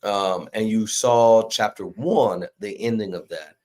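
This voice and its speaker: A man's voice: on the low side, measured pace, darkish tone. A man hosting a casual livestream, rambling and correcting himself as he talks. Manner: rambling, self-correcting, laughs often. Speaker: comic publisher host.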